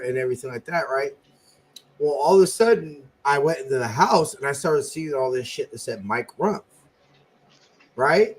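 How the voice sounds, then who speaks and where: A man hosting a casual fan podcast, telling stories excitedly with lots of filler words and swearing. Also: mid-range voice, normal speed. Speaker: podcast host.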